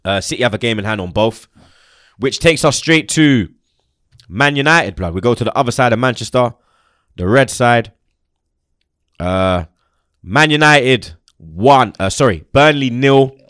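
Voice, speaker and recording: Slangy animated young man. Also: medium pitch, a little slow, long pauses, no echo, clean studio sound. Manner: animated, slangy, swears, laughs often. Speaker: football channel host. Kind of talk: casual football chat.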